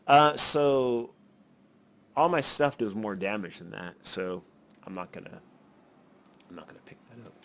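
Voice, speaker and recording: A man's voice: lowish voice, animated, a little slow, long pauses, a bit bright. A man giving casual, rambling commentary while he plays, chuckling and swearing freely. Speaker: gameplay commentator. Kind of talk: casual running commentary over gameplay. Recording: noticeable background noise.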